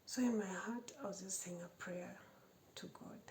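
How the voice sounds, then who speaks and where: Gravelly-voiced woman telling a personal testimony. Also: mid-range voice, moderate pace, background noise. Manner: repeats phrases and often drops to a hushed whisper. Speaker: storyteller sharing a personal testimony.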